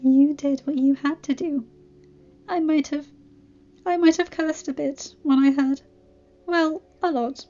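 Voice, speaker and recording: A woman's voice: high voice, steady tone, a little slow, long pauses, warm tone, lo-fi sound, voice pushed up. A woman voicing a spirited young noblewoman. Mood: earnest. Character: young noblewoman, gentle and remorseful, then spirited.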